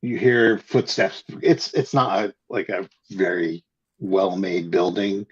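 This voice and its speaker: Low husky guy gm'ing a tabletop game, slow and hesitant, muffled lo-fi. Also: fairly even intonation. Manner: hesitant, lots of ums and restarts. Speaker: game master. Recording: dull lo-fi recording.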